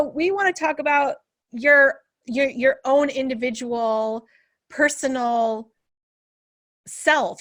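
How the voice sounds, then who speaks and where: Woman host, coaching tone, recaps guest's story, a bit high. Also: fairly bright tone. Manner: reflective, sums up the guest's story back to her. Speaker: podcast host, business coach. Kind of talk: interview conversation.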